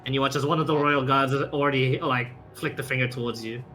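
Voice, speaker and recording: A young man running a tabletop game as game master, narrating quickly with many fillers and restarts. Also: mid-range voice, fairly even intonation, sharp tone, faint music behind.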